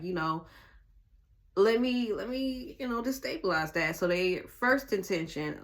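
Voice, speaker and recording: Blunt, animated woman doing a tarot reading. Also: lowish voice. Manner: animated, blunt, swears freely, talks straight to the viewer. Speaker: tarot reader. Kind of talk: casual tarot reading to viewers.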